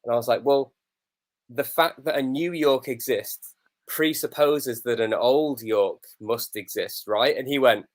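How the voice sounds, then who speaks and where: Man, medium pitch, casual joking chat, anecdotes. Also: unhurried. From England. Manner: cheeky joking, telling anecdotes. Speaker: co-host of a wrestling watch-along. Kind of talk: casual banter.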